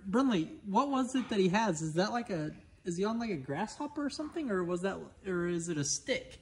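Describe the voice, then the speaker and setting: A man vlogging outdoors on his farm, chatty and excitable as he coaxes his animals. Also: high voice, a little fast, husky. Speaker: homestead vlogger. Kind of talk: casual vlog chat.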